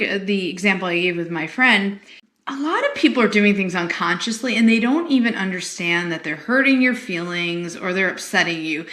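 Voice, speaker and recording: A woman psychologist co-hosting a podcast, talking in an animated, emphatic way with frequent rhetorical questions. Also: medium pitch. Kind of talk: casual conversational chat.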